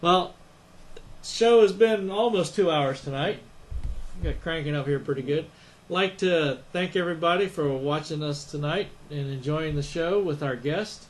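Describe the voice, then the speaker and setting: A man's voice: fairly high pitch, moderate pace, slight background noise. A man hosting a racing talk show, chatting and bantering in an easygoing way with a guest. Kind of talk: casual chat.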